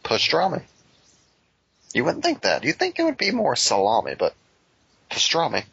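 A man's voice: mid-range voice, wildly swooping pitch, moderate pace, creaky, pushed and bright, breathy edge, dry recording, lo-fi sound. A man joking his way through a movie commentary with absurd riffs. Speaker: commentary co-host.

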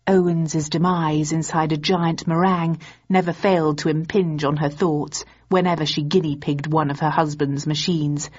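Husky woman reading a novel aloud. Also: low-pitched, highs cut off. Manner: even, measured storytelling. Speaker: audiobook narrator. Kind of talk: scripted narration.

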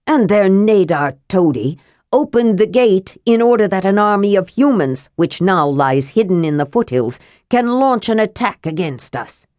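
A woman voicing a scheming male dwarf ruler who speaks smoothly and sneers his accusations. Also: medium pitch, expressive, moderate pace, darkish tone, no echo, clean studio sound, close to an everyday voice. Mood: sly.

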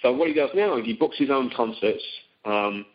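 A man's voice: mid-range voice, lively intonation, normal speed. A middle-aged man speaking on a phone seminar, talking casually with many ums and restarts. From Britain. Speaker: teleseminar guest. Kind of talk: conversational phone seminar talk. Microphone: phone call. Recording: dull lo-fi call audio.

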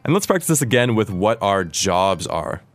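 A man's voice: on the low side, big pitch swings, normal speed, no room sound, faint music behind. An American man who speaks English natively, hosting a language lesson and patiently explaining Japanese grammar. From United States. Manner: patient, clear explanatory teaching. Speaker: language course host.

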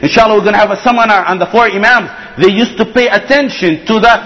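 A man giving an animated religious lecture to students, telling stories and acting out what people said. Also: high voice, quick pace, in a large hall, low-quality recording. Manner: animated, acts out quoted speech, frequent restarts. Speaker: religious teacher.

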